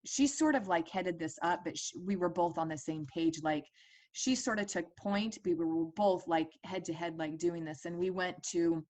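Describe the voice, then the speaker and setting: A woman's voice: fairly low pitch, normal speed, a little mellow. A woman in her forties telling a personal story as a parent advocate, earnest and conversational with fillers and restarts.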